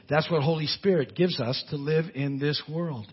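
A man preaching a sermon as a pastor, in an animated, conversational way with asides and laughter. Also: on the high side, brisk, hardly any pauses, breathy edge, lo-fi sound.

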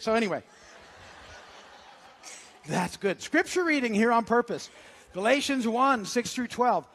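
A man's voice: high voice, expressive, moderate pace, pauses often, a bit bright. A man preaching a sermon as pastor, conversational and cracking jokes between scripture readings. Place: church sanctuary. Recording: long church hall reverb.

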